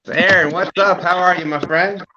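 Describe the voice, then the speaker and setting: A man hosting a late-night live stream, chatting slowly and casually and laughing often. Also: sits high, steady tone, lo-fi sound, background noise. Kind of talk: casual chat.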